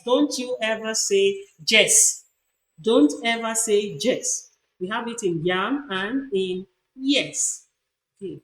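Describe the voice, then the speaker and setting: A woman, teaching a university class on pronunciation and repeating example words with corrections. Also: on the high side. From Nigeria. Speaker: university lecturer. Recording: noisy recording.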